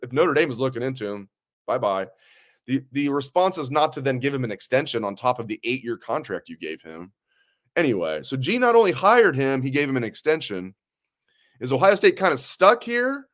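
A man's voice: mid-range voice, very animated, fairly quick, a bit bright. A man hosting a sports podcast in a chatty way, laying out arguments and asking his co-host questions. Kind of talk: casual sports talk.

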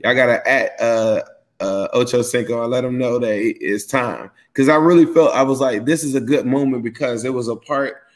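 A man's voice: medium pitch, moderate pace. A man co-hosting a sports podcast, rambling casually with lots of fillers while tired from jet lag. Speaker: podcast co-host.

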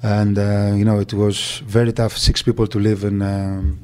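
A man with a Greek accent tells an old story in a halting way, full of fillers and restarts. His voice sits low and sounds mellow. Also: little pitch movement, clear, resonant tone. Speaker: agent. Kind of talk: interview recollection.

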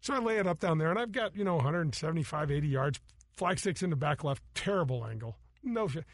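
A middle-aged man hosting a golf show, telling stories in animated, casual chat, acting out voices and laughing often. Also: on the high side, fast talker, dry recording, clean studio sound.

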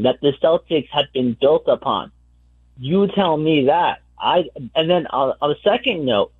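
Male caller, tinny phone line, husky voice, fired-up questioning tone. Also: medium pitch. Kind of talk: phone-in sports talk.

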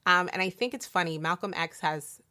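A low-pitched woman from Delaware talks through her thoughts in relaxed conversation. She sounds reflective and laughs easily. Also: brisk. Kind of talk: casual conversation.

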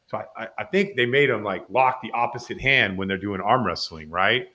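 A man, a former player and podcast guest, telling a rambling, animated anecdote full of "like" fillers and acted-out quotes. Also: on the low side, brisk. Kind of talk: animated storytelling.

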